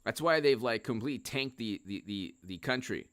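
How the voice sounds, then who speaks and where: A man's voice: mid-range voice, lively intonation, normal speed, fairly bright tone, no echo, clean studio sound. A man commentating on politics in a casual, sarcastic, rambling live-stream chat.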